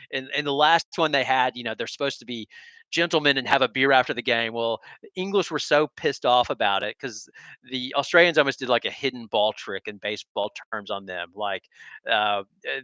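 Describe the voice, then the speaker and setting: A man's voice: medium pitch, bright, forceful tone, smooth, no echo. A middle-aged American man from Texas, hosting a casual sports stream with rambling, enthusiastic digressions. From Texas, USA.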